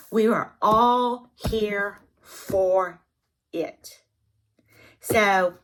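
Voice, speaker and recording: A woman's voice: mid-range voice, fairly bright tone. A middle-aged woman with a Southern US accent, hosting a craft channel in casual, chatty, encouraging vlog talk. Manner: chatty and encouraging, drawn-out phrasing.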